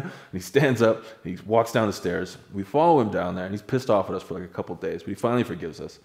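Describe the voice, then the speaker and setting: A young man with a low voice tells a story at a quick clip. He is laid-back and casually profane, talking like he is chatting with friends. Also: a little mellow.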